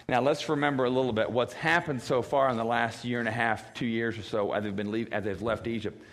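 Man preaching in a reverberant hall. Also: moderate pace. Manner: acts out quoted voices, wailing high and grave low. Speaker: pastor. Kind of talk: sermon. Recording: long reverb of a church hall.

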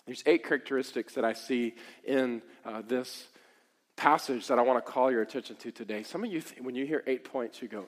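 A male pastor preaching a sermon, swelling into emphatic peaks and dropping to soft, conversational asides. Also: mid-range voice, normal speed. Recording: long reverb of a large hall.

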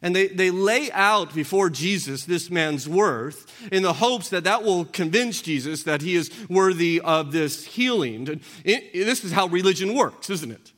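This pastor's voice is high-pitched, animated, and a bit bright, moving at a moderate pace with few pauses. His conversational sermon includes questions to the congregation and acted-out voices, along with stumbles and repeated words. A large hall adds a long reverb.

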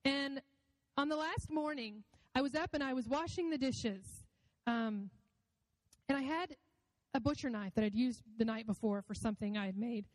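A woman's voice: on the high side, normal speed, no echo, long reverb tail, rough recording. A woman giving a personal faith testimony in an earnest, reflective and emotional way.

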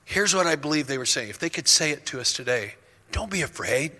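A man preaching a sermon as pastor, impassioned and building to near-shouts. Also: a little high, lively intonation, fast. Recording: long hall reverb.

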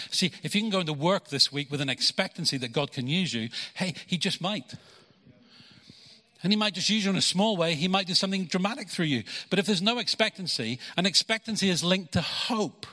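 A man preaches in a lively, conversational way, slipping into voices for the people in his stories. His tone is bright and forceful. The sound rings out with the long tail of a big hall. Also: fairly high pitch. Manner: conversational preaching, acts out quotes, repeats words. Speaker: pastor. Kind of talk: sermon. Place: church hall.

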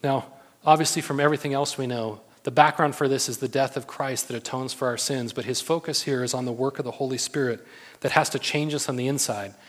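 A man's voice: medium pitch, steady tone, fairly quick, a bit bright. Guy preaching a sermon, earnest, lots of rhetorical questions, long hall echo. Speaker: pastor. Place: church hall.

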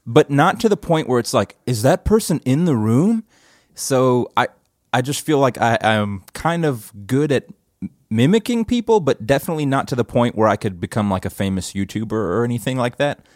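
A man hosting a casual podcast chat from a church office, laid-back and self-deprecating, often trailing off into quiet asides. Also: medium pitch, animated, brisk, no echo, studio quality. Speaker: podcast host.

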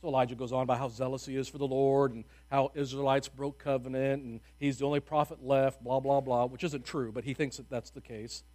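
A man preaching a sermon in a casual, humorous storytelling way, with sudden loud bursts of emphasis and hushed, quiet drops. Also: medium pitch, level tone, brisk, hardly any pauses.

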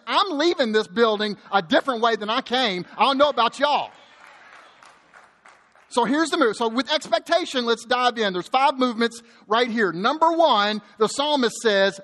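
A man pastor preaching a sermon in a church, lively and joking, often repeating words as he goes. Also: very high voice, big-room sound. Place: church sanctuary.

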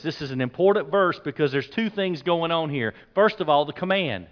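A man preaching a sermon as pastor, emphatic, repeating key points and dropping his voice low on the words he stresses. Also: animated, normal speed, highs cut off.

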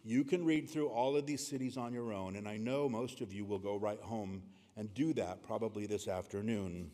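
A man's voice: lowish voice, moderate pace, hardly any pauses, warm tone. A male pastor preaching a morning sermon in an earnest manner, reading scripture aloud and speaking to his congregation. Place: church sanctuary. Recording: long reverb of a large hall.

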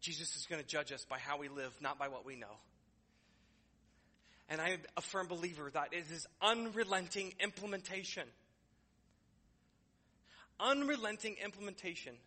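A man's voice: on the high side, animated, normal speed, pauses often, pushed and bright, big-room sound. A man preaching a sermon as pastor in a church, conversational and joking, building to emphatic declarations. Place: church sanctuary.

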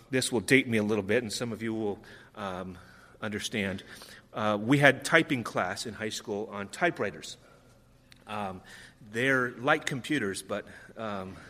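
A middle-aged male pastor preaches a sermon in a conversational way with frequent ums, acting out quoted lines. His medium-pitched voice is bright and forceful, carried by the long reverb of a large hall.

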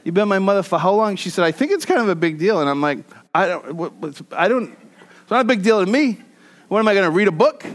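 A pastor preaching a conversational sermon, mixing scripture with joking personal stories and swinging between loud and soft. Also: male voice, high voice, animated, fast talker.

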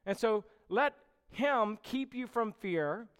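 A man preaching a sermon as pastor, emphatic and slowing down to stress key phrases. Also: sits high, animated, smooth. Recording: reverberant hall.

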